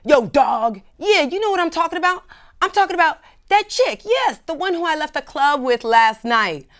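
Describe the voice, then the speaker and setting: A woman voicing a brash young man boasting loudly on a cell phone. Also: very high-pitched, sing-song, normal speed, voice pushed up, full character voice. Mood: bragging. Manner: loud, boastful street talk.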